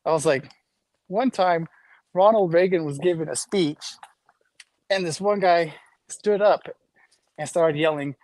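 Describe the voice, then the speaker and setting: A man in a casual podcast chat, telling stories in an animated way. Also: a little high, normal speed, pauses often, no echo. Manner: animated storyteller.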